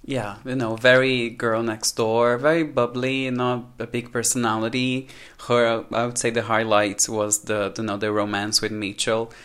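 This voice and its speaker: A man guesting on a podcast in relaxed, gossipy chat, often saying "you know" and giving blunt verdicts. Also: medium pitch, normal speed, clear, resonant tone.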